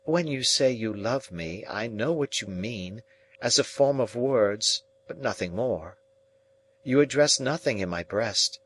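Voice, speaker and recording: A man reading a cold, composed young woman who speaks calmly and detachedly. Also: medium pitch, unhurried, slight background noise, close to an everyday voice. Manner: calm, detached.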